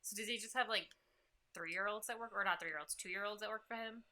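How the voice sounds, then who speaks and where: Female podcast co-host, bright sharp voice, sarcastic teasing asides. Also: medium pitch, fairly quick. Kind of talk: casual gaming podcast chat.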